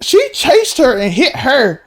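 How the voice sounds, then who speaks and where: A man co-hosting a casual podcast chat, excitable, laughing often and swinging from high to low. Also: takes it slowly. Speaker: podcast co-host.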